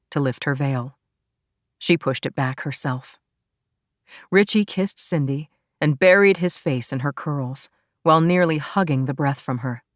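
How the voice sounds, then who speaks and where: A woman narrator with a notably low voice, reading an audiobook in a calm, even way. Her voice is recorded close to the mic and sounds dry, with no room echo. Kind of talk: scripted narration.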